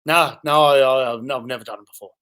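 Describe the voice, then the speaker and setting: A man acting out a male client on the phone who speaks flatly and stammers, then warms to his favorite subject. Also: mid-range voice, pitched below the performer's own voice, close to an everyday voice. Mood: flat hesitant. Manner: flat, halting, stammering. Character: bland monotone male client, grows excited about wine.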